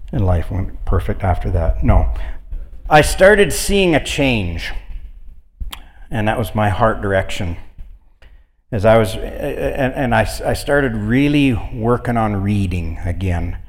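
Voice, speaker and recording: A man's voice: lowish voice, expressive, a little slow, pauses often, big-room sound. A man preaching an informal sermon, telling stories in a folksy, conversational way. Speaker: guest preacher.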